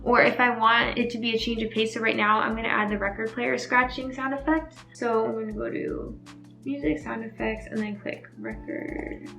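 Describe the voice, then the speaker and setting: Chatty young woman with a high voice. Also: fairly even intonation, moderate pace, vocal fry, sharp tone, faint music behind. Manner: chatty, upbeat, uses "like" often. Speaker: video editing tutor. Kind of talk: casual screen-recorded tutorial. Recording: echoey room.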